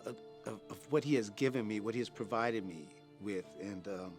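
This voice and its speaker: With a lowish voice and faint music underneath, a Californian in his fifties gives testimony about graduating from a ministry program. His tone is earnest yet casual, marked by slang and frequent stuttered repeats.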